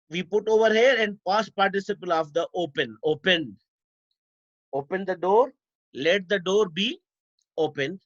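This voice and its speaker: Male teacher, grammar lesson, high voice, slow repeated examples, addresses dear students, dry dull lo-fi sound. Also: a bit bright, dry recording. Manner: repeats each example slowly, stretching words.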